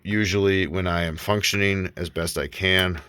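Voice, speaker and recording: A man's voice: low voice, fairly even intonation, normal speed, sharp tone, slight background noise. A man rambling and ranting in a personal vlog, swearing often and breaking off his own sentences. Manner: rambling, profane, self-interrupting. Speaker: vlogger.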